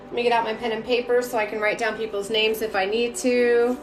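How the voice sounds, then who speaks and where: A woman's voice: a little high, little pitch movement, a little fast, roomy sound, over music. A woman giving casual live-stream spiritual readings, chatty, greeting viewers by name and talking with lots of fillers. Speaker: spiritual reader and mentor. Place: home room.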